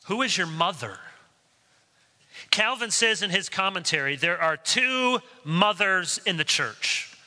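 A male pastor preaches with a strikingly bright, forceful tone and a fairly high voice. He is earnest and slips into stories as he goes. The sound carries the long reverb of a church sanctuary. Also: expressive, measured pace. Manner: earnest preaching, storytelling asides. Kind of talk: sermon.

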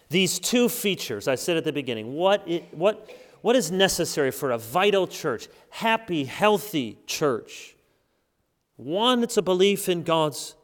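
A male preacher with a somewhat high voice delivers an earnest sermon. He leans on key words and draws them out. His voice rings with the long reverb of a large church hall. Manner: earnest, emphatic preaching with slowed stressed words.

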